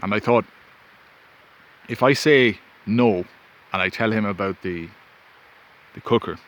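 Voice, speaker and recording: A man's voice: lowish voice, measured pace. A man casually telling a rambling personal story outdoors, recorded on a phone in the wind. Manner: rambling anecdotal, self-interrupting. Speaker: vlogger. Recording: faint wind and ambience.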